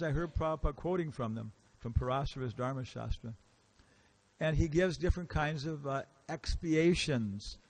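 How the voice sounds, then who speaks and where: A guest lecturer, a man with a slightly high voice, gives an informal storytelling talk in a temple hall. He dramatizes the characters he quotes and turns questions to the audience.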